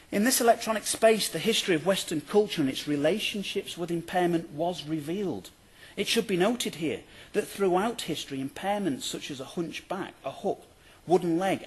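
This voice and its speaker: A male university lecturer reading out a prepared academic paper in a formal, measured way, with the odd dry aside. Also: a little high, breathy edge.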